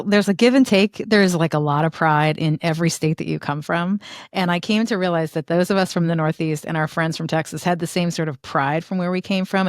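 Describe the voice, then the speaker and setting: Woman, middle-aged, from the Northeast US, podcast host, warm, reminiscing, low-ish voice, dry close sound. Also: no room sound. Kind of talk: conversational interview.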